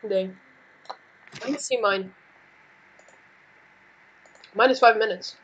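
A young woman hosting casual game commentary, loud and excitable, swearing often as she plays. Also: medium pitch, takes it slowly, husky, dull audio. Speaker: gaming channel host.

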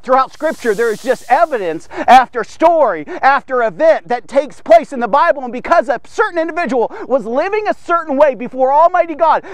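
Man, devotional host, high voice, very animated delivery, dry close sound. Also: dry recording. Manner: animated, conversational, rhetorical questions. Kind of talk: energetic devotional teaching. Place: studio man cave set.

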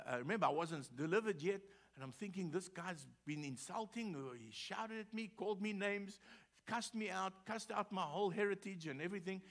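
Male pastor, sermon, fairly high voice, conversational storytelling, repeats himself. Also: a bit bright. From South Africa.

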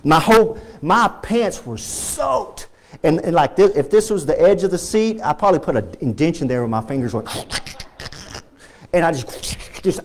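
Emphatic Texan preacher, lively voice. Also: male voice, on the high side, normal speed. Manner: emphatic preaching with shouted exclamations and storytelling asides. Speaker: pastor. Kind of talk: sermon. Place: church.

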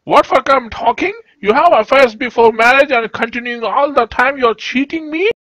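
A woman's voice: sits high, normal speed, a bit bright, dry recording, low-quality recording. A woman voicing a jealous young male puppet husband in a comedy skit. He accuses his wife, then stammers and apologizes. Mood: accusing.

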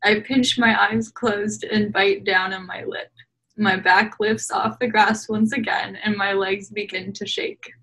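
A woman with a bright, slightly husky voice reads slowly and deliberately over a video call. She plays the steamy lines mock-sultry and drops deadpan jokes in between. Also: mid-range voice, rough recording. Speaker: reader in a group fanfic reading. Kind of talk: dramatic reading aloud with asides.

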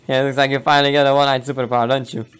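Man playing a smug zombie robot, dry teasing, calm, game character. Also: rapid-fire, slight background noise, natural voice. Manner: dry, teasing, low-key.

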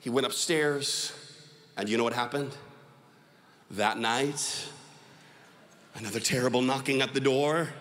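A man's voice: medium pitch, measured pace, long pauses, fairly bright tone, in a large hall, a little hiss or hum. A man preaching a sermon, telling a parable dramatically and teasing the audience to respond. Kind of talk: sermon storytelling.

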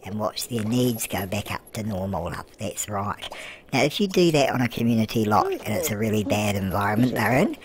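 Very animated and fairly quick, a man with a fairly low voice plays a cheeky, fussing British grandmother chattering about a life-sim game, with a crowd and background music behind him. The comic let's-play is gossipy in mood, and she keeps cooing "love" and answering her own questions.

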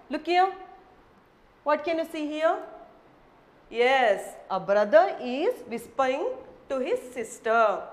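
A woman with an Indian English accent teaching a vocabulary lesson to children, spelling each word letter by letter and repeating every phrase twice. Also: sits high.

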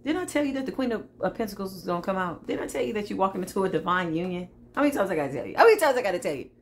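Sassy, lively woman tarot reader. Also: mid-range voice, rapid-fire, slight background noise. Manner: sassy, laughing, preachy asides. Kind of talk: spiritual tarot reading monologue.

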